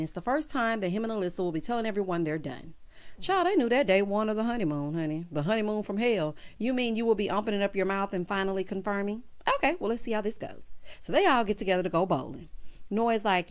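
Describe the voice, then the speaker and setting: A woman giving a sassy, animated recap of a reality show, quoting the couples in put-on voices. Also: medium pitch, brisk. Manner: sassy, animated, quotes people in character voices. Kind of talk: casual commentary recapping an episode.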